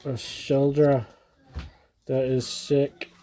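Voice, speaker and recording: A man in his thirties chatting casually to viewers at home as he opens trading card packs, excitable and gushing over each card. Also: mid-range voice, very slow. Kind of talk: casual unboxing chat.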